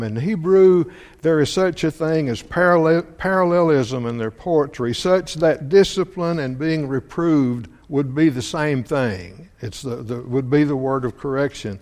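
A man preaching a sermon, halting and repeating words often, asking his listeners questions. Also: fairly high pitch, darkish tone. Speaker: preacher or Bible teacher. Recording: long hall reverb.

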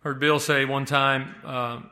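A man preaching a sermon, speaking haltingly with frequent restarts and slowing down to stress key words. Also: medium pitch, level tone, sharp tone.

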